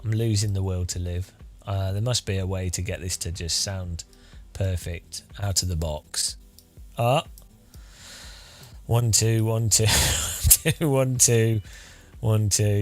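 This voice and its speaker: Man on a live stream, wry and self-mocking, slow unhurried speech, close studio mic, faint music underneath. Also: fairly low pitch, steady tone. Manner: rueful, joking, counting into the mic. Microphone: close studio microphone.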